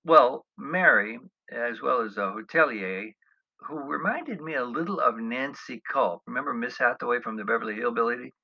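A man's voice: medium pitch, normal speed, gravelly. A middle-aged man telling a funny travel story about himself, wry and self-mocking, with chuckling asides. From United States. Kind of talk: humorous personal travel storytelling. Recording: dull lo-fi recording.

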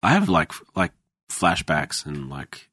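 A man's voice: extremely low pitch, huge pitch swings, slow pace, bright, forceful tone, breathy edge, no room sound. A man telling rambling, profane stories as a guest in a casual podcast chat.

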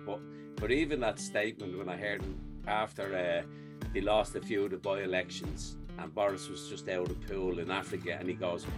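A man's voice: deep voice, steady tone, a little fast, music in the background. Chatty man telling stories. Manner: chatty storyteller who laughs often. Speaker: podcast co-host. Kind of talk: casual chat.

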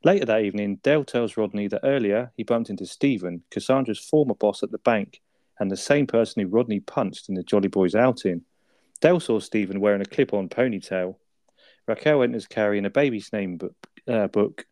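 A man with a lowish, mellow voice chats loosely about a sitcom episode, laughing and swearing as he quotes the characters. The recording is dry and close. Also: a little fast, no room sound. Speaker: podcast co-host. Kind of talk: casual chat reviewing a sitcom episode.

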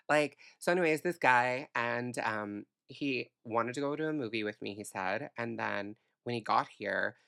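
A blunt woman in her late twenties vents in a podcast rant, swearing freely. Her voice carries a gravelly fry. The sound is close and dry, with no room around it. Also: rumbling low, a bit bright, no echo. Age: 20s. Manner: blunt and profane, venting. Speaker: podcast host.

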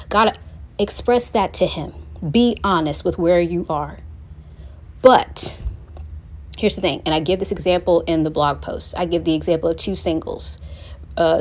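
Woman, young adult, somewhat low voice, earnest, encouraging, conversational faith talk. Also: darkish tone. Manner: earnest, encouraging, conversational, acts out prayers aloud. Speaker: host. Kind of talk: faith-based talk to single listeners.

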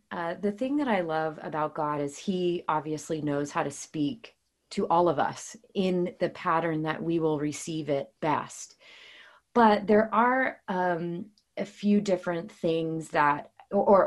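A woman guest and author talking casually about faith, earnest and chatty, with many fillers and restarts. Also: fairly low pitch. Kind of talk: casual faith talk with storytelling.

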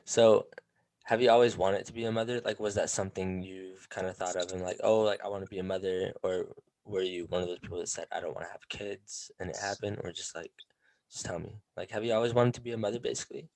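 A man interviewing a guest in a casual chat, relaxed, reacting to her story and asking questions. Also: lowish voice, quick pace, no echo.

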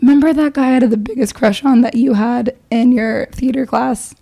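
Young woman, co-host, mellow warm tone, breezy and chatty, lots of "like". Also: a little high, fairly even intonation, normal speed, vocal fry. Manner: breezy storytelling, heavy use of like. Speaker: podcast co-host. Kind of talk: casual chat.

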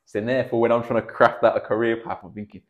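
An Englishman in his thirties, a kickboxing coach appearing as a podcast guest, tells stories rapid-fire in a medium-pitched, fairly even voice. He is chatty, swears freely, and acts out quoted dialogue, and the lo-fi podcast audio sounds slightly dull.

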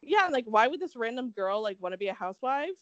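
The recording is muffled as a podcast co-host in her twenties chats casually at normal speed. Her voice is on the high side with big pitch swings, and she gossips, swears, and laughs often.

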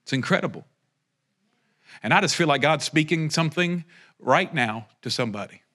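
A man with a high, bright, ringing voice preaches a prophetic sermon. He speaks straight to his listeners with fervor and breaks into playful joking asides. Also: expressive, normal speed. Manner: impassioned, joking asides, rising to a fervent pitch.

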